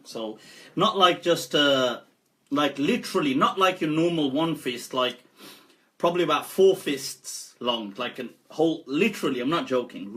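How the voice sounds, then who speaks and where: A scholar talking casually on a live stream, animated and laughing often as he speaks. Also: mid-range voice. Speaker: Islamic scholar.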